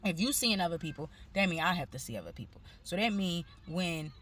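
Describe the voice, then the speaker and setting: A woman's voice: lowish voice, lively intonation, fairly quick, a bit bright, a little hiss or hum. A woman tells a story in a casual, profane vlog. She talks animatedly and acts out the people she quotes. Faint outdoor ambience and passing cars sit behind her phone recording. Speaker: vlogger.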